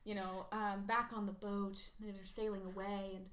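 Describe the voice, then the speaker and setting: A woman's voice: mid-range voice, moderate pace. A young woman podcast host casually recapping an old film and acting out the characters' lines. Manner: animated storytelling with acted-out quotes.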